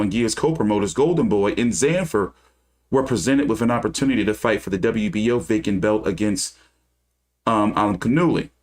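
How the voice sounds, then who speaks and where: A man hosting a casual boxing livestream, reading news aloud and breaking into heated, profane rants. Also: on the low side. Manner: reads news aloud then rants with cursing. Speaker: boxing channel host.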